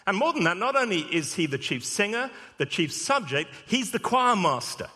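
A man's voice: high voice, very animated, moderate pace, sharp tone. A man, a vicar, preaching a sermon and telling a humorous story. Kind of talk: sermon with anecdote. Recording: long hall reverb.

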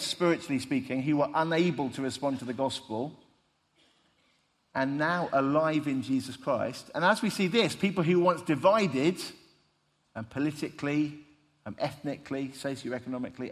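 A man preaching a sermon, telling stories in an emphatic, conversational way. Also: a little high. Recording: long reverb of a large hall.

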